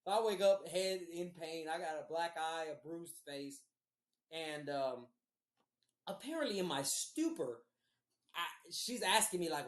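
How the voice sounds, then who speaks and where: A man telling a long personal story on a podcast in a casual, profane, animated way, often laughing. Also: a little high, moderate pace. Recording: roomy echo.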